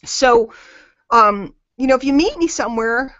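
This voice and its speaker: Female motivational coach, emphatic and repetitive, slightly high voice, dull dry lo-fi call audio. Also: animated, measured pace, fairly bright tone, dry recording. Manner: emphatic, repeats key phrases. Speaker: network marketing coach.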